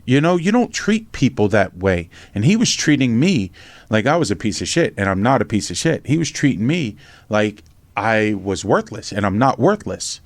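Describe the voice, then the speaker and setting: A middle-aged man from Pennsylvania telling his life story in a casual interview, animated and blunt, swearing freely and acting out the voices in his tales. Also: lowish voice, moderate pace, no room sound. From Norristown, Pennsylvania, USA. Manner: animated storyteller, acts out quotes, swears freely, says "right?" often. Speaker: podcast host and memoir author.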